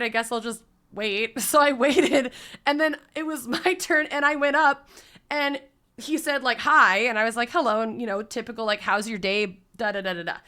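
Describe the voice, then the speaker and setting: A woman streamer casually telling a story to her chat, animated and swearing freely. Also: high-pitched. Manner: animated, swears freely, breaks into loud laughs.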